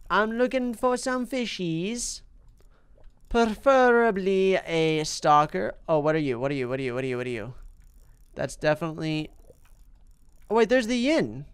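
Excitable man with a smooth voice. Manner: chatty, excitable, talks to on-screen fish; big jumps in pitch and loudness when upset. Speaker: gaming channel host. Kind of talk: mobile game commentary.

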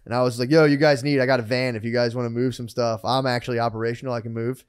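A man in his thirties, a podcast co-host telling a story in casual chat, profane and animated, acting out the people he quotes. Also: medium pitch, racing, smooth.

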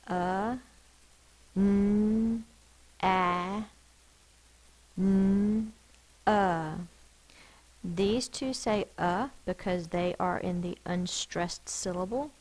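On a low-quality recording, a woman whose voice is on the low side, gravelly and husky, gives a patient spelling lesson. She carefully sounds out each word slowly and explains the rule behind every sound.

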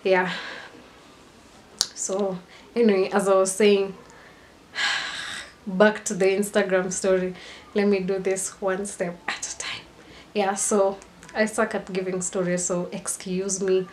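A woman's voice: medium pitch, little pitch movement, slow pace, pauses often, slight background noise. A young woman, chatting casually in a rambling storytime vlog. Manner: chatty and rambling, mixing in Swahili slang. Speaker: vlogger.

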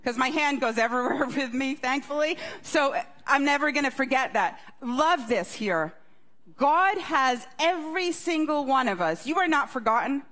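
A woman's voice: sits high, expressive, moderate pace, a bit bright. A woman pastor giving a conversational sermon, often asking the congregation questions. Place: church service.

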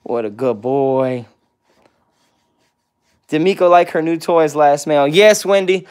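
A man's voice: fairly high pitch, slow pace, a little mellow, smooth. A man hosting a casual livestream with viewers, answering comments one by one and cooing baby talk at his pets. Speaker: pet vlog host.

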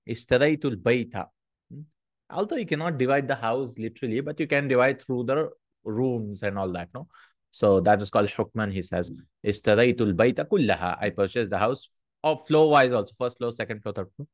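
A man teaching Arabic grammar in English, reading the Arabic text quickly and often checking in with a questioning "hmm?". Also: medium pitch, no echo, studio quality.

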